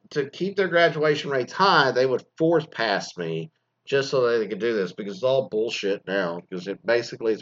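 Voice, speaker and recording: A man's voice: fairly low pitch, sharp tone, dull audio. A man in his forties, a former teacher, telling a crude story in a casual rant and swearing constantly. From Mesquite, Texas.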